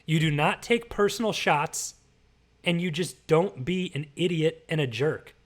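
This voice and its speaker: A man's voice: fairly high pitch, measured pace. Emphatic man lecturing on a podcast. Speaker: podcast host. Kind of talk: casual commentary rant.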